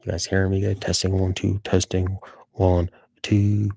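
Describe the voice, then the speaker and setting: A man with a fairly low voice hosts a loose live stream and talks straight at his viewers. His delivery is offhand and rambling, with frequent swearing and "dude" tossed in. The tone stays relaxed and conversational. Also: moderate pace, vocal fry. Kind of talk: casual live-stream chat.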